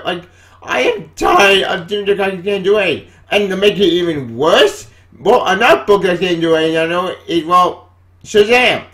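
A man hosting a vlog, ranting in exasperation and jumping between low mutters and sudden high outbursts. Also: fairly bright tone. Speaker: comic book vlogger.

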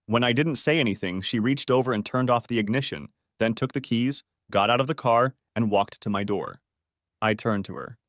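A male narrator reading a first-person story aloud with dramatic feeling. His mid-pitched voice rises and falls widely, and the recording is close and dry. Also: lively intonation, a little fast, no room sound.

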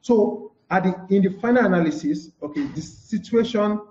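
A man's voice: high voice, normal speed, dark tone. A man teaching a live-streamed lesson, who keeps saying "okay" and answers his own questions. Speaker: communication trainer. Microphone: live broadcast mic. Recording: dull echoey room.

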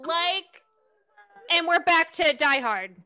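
Bright, unhurried woman game master. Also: very high voice, expressive. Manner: playful, amused. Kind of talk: narrating a tabletop game.

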